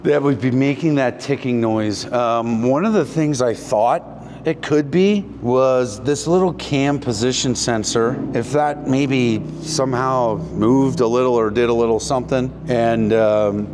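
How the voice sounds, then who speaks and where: A man's voice: medium pitch, unhurried, noisy background. A man hosting a casual shop vlog, joking with his cameraman while he takes an engine apart and explains what he checks. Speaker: mechanic and channel host. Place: company workshop indoors.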